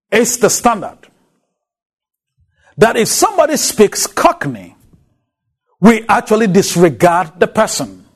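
A man from Ghana with a Ghanaian accent, giving a recorded Bible lecture with emphatic, drawn-out stresses. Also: high voice.

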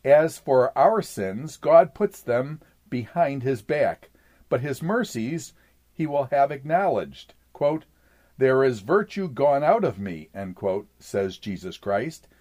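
A man reading an old sermon aloud in a measured, formal way, saying "quote" and "end quote" around scripture passages. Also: mid-range voice, lively intonation, a little mellow.

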